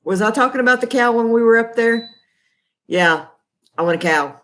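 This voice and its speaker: Slow-talking Texan woman chatting live. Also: a little high, a bit bright. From Texas. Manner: chatty, folksy, rambling with many fillers. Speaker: livestream host. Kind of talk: casual live-stream chat. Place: kitchen table at home. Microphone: laptop built-in mic.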